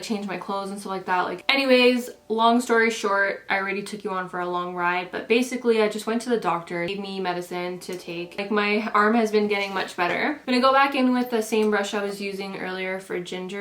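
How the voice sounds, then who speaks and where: A woman vlogger chatting her way through a makeup tutorial, her talk loose and sprinkled with "like". Her voice sits at an ordinary middle pitch. It rings a little in a roomy, echoey space at home. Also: fairly bright tone. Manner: chatty, with frequent "like" fillers. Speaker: beauty vlogger. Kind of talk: casual makeup tutorial and storytelling. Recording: roomy echo.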